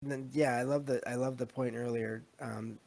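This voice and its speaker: A man's voice: medium pitch, fairly even intonation, normal speed, gravelly, darkish tone. A man hosting a podcast, recapping a film in a loose, rambling way. He fills his talk with ums and restarts, and sometimes turns aside to answer his live chat. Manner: rambling, many fillers, reads live chat. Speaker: podcast host. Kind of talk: casual movie review chat.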